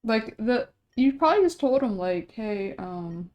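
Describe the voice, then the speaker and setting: A woman's voice: fairly high pitch, animated, a little slow, dull audio. A young adult woman streamer chatting casually while she draws, telling a rambling story and laughing often.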